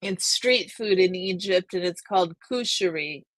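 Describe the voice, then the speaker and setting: A woman's voice: lowish voice, moderate pace, no echo. A woman hosting a casual live stream, chatting with viewers and reading their names aloud. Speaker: livestream host.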